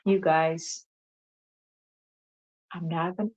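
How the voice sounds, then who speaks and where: A woman's voice: lowish voice, steady tone, takes it slowly, darkish tone. A woman hosting a casual talk show, chatting to listeners and posing rhetorical questions. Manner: conversational, asks rhetorical questions, addresses audience as y'all. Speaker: host. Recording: dull lo-fi sound.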